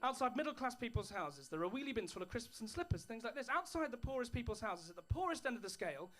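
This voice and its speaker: A man's voice: extremely high pitch, big pitch swings, fast, a bit bright. A man doing stand-up comedy, dry storytelling with put-on posh voices. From England. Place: comedy club stage with an audience.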